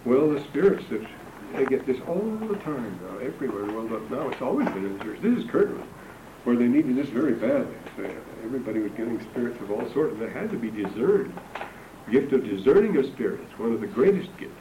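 An older man lectures on scripture to a class in a warm, sing-song, medium-pitched voice at a fairly quick pace. The religion lecturer is digressive and anecdotal with dry humor, captured in a roomy, distant recording with background noise.

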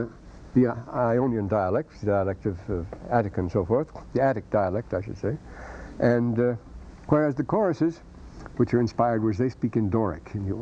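A man's voice: mid-range voice, dark tone, a little hiss or hum. A man lecturing a university class on scripture, wandering off into scholarly asides as he reads and explains passages. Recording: dull lo-fi cassette lecture tape.

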